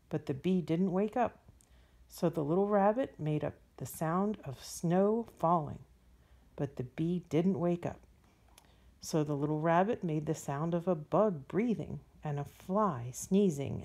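Woman, bedtime story reader: soft, drawn-out, mellow tone. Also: lowish voice.

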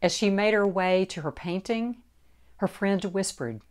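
A woman author reading her own book aloud, in a measured and deliberate narration. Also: mid-range voice. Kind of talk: audiobook narration.

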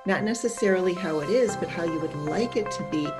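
An older woman, an empowerment coach, speaking in a gentle, conversational, encouraging way. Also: fairly low pitch, fairly quick, music in the background. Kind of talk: casual advice talk.

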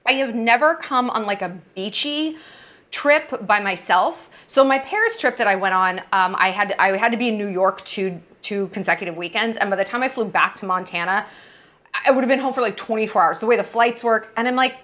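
A woman's voice: mid-range voice, a little fast, a bit bright. A woman in her thirties talking to camera in a casual travel vlog, brash, playful and blunt, with frequent swearing. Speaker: travel vlogger.

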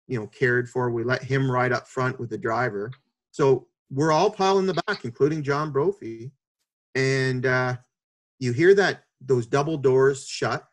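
A man in his fifties tells a long story as a podcast guest, with a voice of middling pitch. He carries it in a lively way and acts out each person he quotes. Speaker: podcast guest, hockey executive.

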